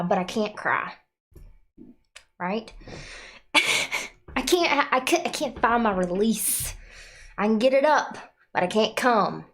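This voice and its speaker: Rambling profane woman livestreaming. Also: a little high. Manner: frequent filler "like". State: nauseous and exhausted. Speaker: livestream host. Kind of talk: casual livestream chat.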